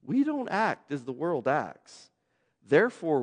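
High-voiced preacher in a reverberant church. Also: male voice, big pitch swings, slow. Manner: conversational preaching with voiced asides and quotes. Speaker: pastor. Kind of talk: sermon.

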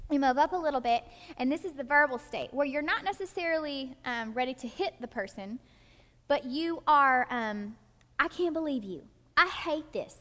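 A woman with a high voice leads a live teaching session for a group, and her speech rings with a long hall reverb. She talks in an animated way, slips into short acted-out voices and keeps checking that her listeners follow along. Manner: animated, acts out quick quoted voices, checks in with listeners often. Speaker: workshop teacher.

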